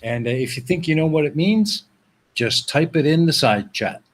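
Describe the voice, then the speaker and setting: A man hosting a live stream, talking to his audience and guest in a relaxed, chatty way. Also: fairly high pitch, moderate pace. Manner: relaxed and chatty, laughs along. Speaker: host. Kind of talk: casual live-stream chat.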